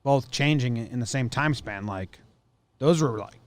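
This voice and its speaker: A man's voice: mid-range voice, a little slow. A man co-hosting a podcast in a studio, chatting casually with a blunt, joking manner and acting out little scenes. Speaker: podcast co-host. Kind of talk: casual chat.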